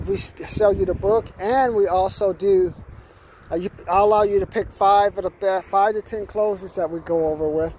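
A man with a high voice gives a loose, animated sales pep talk, swearing and ending lines with "man." He is recorded outdoors, with faint street and traffic noise behind him. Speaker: sales coach. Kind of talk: casual motivational monologue.

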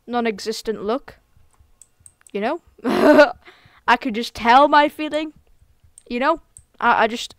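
A woman streams a game live, laughing often and chatting to her viewers in slangy, excitable bursts. Her voice sits on the higher side and comes across smooth and clear. She talks at an unhurried, drawn-out pace, and the sound is close and dry. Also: dry recording. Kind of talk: casual live gameplay commentary.

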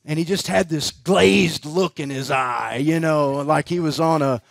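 This guest preacher's voice is fairly high and creaky, and he speaks a little slowly. Recorded dry, he shares a personal story at a conference in a conversational sermon, with plenty of laughter, fillers, and false starts.

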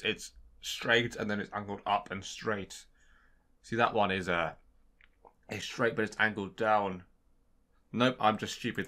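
A young man narrating a handheld game as he plays, excitable and jokey. He keeps talking straight to the little characters on screen. His voice is bright and forward, with soft game music faintly behind him. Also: fairly low pitch. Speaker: gaming channel host. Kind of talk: let's-play commentary.

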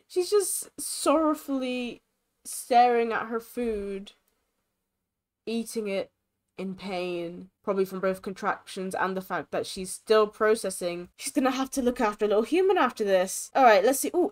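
A young woman gaming creator with a slightly high voice gives casual, chatty commentary on a life-simulation game, sounding expressive and sympathetic.

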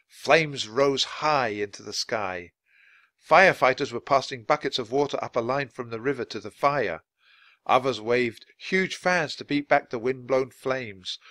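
A man's voice: medium pitch, fairly bright tone, no echo. A man reading a children's chapter book aloud at natural speed for language learners, with dramatic expression. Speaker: narrator.

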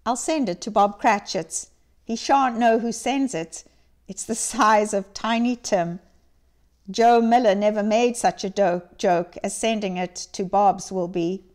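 A woman voicing an old man, a reformed miser who turns giddy and briefly feigns gruffness, in a dramatic reading. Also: medium pitch, a little slow, lightly acted. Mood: excited. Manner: excited, exclaiming. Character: old male miser turned jolly, gruff.

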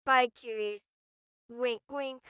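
Woman playing a teasing flirty neighbor, high bright voice, very slow, listener role-play. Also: steady tone, smooth, no echo, clean studio sound. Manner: teasing, sly warnings.

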